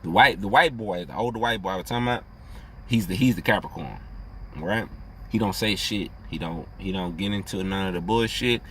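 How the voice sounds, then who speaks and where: A young adult man in a casual, rambling vlog monologue, cursing freely and getting animated, laughing often. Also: sits low, a little fast, slight background noise. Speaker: astrology vlogger.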